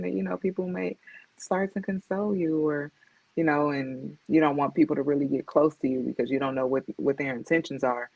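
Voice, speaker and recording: Her bass voice is creaky, husky and darkish in tone. She's a guest author and motivational speaker on a podcast, candid and reflective, speaking directly and acting out quoted voices. The dull lo-fi recording is dry, with no room sound.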